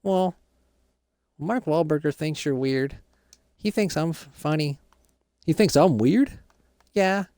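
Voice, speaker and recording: A man doing a bossy teenage son, higher voice. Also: takes it slowly, long pauses, a little mellow, no echo, studio quality. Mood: teasing. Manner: lecturing, preachy. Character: bossy teenage son scolding his father. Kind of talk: Minecraft role-play.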